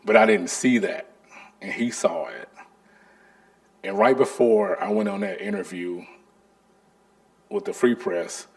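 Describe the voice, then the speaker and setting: Guy in his 40s telling stories at an artist talk, real gravelly, voice jumps all over. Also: lowish voice, a little slow, long pauses. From North Carolina. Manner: animated, acts out the people in his stories. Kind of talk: storytelling lecture.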